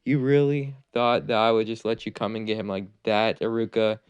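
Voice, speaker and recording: A man's voice: fairly low pitch, flat delivery, moderate pace, smooth, no room sound, lo-fi sound, close to an everyday voice. A man voicing a scheming, treacherous male ninja teacher who taunts and gloats, in a fan-made anime story. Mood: taunting.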